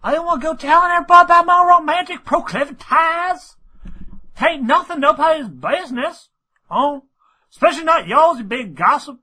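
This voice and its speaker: Brief: man doing a tough mare pony, bright and swooping, gruff and blunt. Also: very high-pitched, lively intonation, moderate pace, voice pushed up, full character voice. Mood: defensive. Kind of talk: amateur reading of fan fiction.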